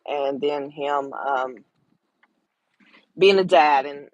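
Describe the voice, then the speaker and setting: A woman's voice: low voice, drawn-out words, darkish tone, no echo, dull audio. A middle-aged woman, talking to viewers in a casual livestream chat, tender and emotional. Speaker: livestream host.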